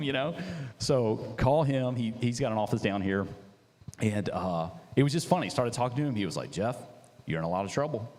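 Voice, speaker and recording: A man, a business founder, telling his story in a casual, animated way full of "dude" and "like". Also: lowish voice, brisk, big-room sound.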